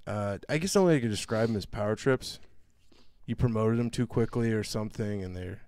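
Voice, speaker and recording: A man co-hosting a podcast, telling a long story in a casual, profane, animated way and mimicking other people's voices. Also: lowish voice, a little fast. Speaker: podcast co-host.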